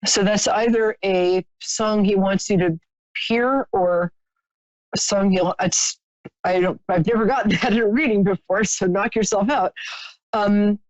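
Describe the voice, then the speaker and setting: A woman's voice: mid-range voice, fairly even intonation, a little slow, darkish tone, no echo, dull audio. A woman hosting a live stream, chatting sympathetically with a caller as she gives a psychic reading, with many fillers and restarts.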